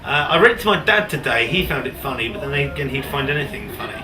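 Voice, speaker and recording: A man doing a first stand-up set in a small comedy club, nervous and hesitant with many pauses and ums. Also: mid-range voice, lively intonation, noisy background. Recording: echoey room from far off.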